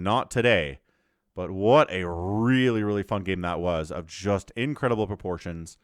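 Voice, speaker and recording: Animated male game caster. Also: on the low side, no room sound. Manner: excitable and animated, breaks into laughs. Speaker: StarCraft shoutcaster. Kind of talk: solo game commentary.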